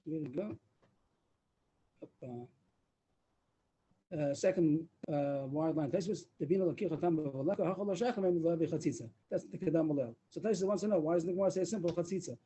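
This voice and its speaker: Male Talmud teacher on a video call, dark husky voice, fast delivery. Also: on the high side, low-quality recording. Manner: explains rapidly, mixing English with Talmudic Hebrew and Aramaic terms. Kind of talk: daf yomi Talmud class. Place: online meeting room.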